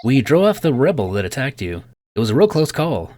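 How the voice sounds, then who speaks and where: A man's voice: mid-range voice, sing-song, brisk, dark tone, natural voice. Guy doing a folksy southern doc dad, friendly and easygoing. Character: friendly middle-aged male village doctor, a father.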